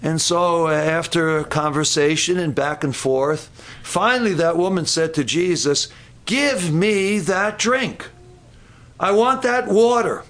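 A man's voice: fairly high pitch, measured pace, a bit bright. A man preaching a sermon, telling a Bible story with repeated words and quotes.

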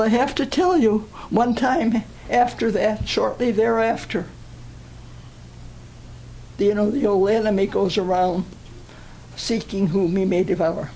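An older woman giving a personal testimony at a church gathering, telling her story in an earnest, deliberate way. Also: mid-range voice, a little mellow, slight background noise, poor audio.

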